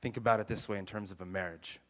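A man preaching a sermon in a chatty, animated way, mixing jokes and scripture. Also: on the low side, quick pace, long reverb tail. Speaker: pastor.

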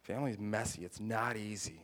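A man preaching a sermon in a chatty, animated way, mixing jokes and scripture. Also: fairly low pitch, a little fast, long reverb tail. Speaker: pastor.

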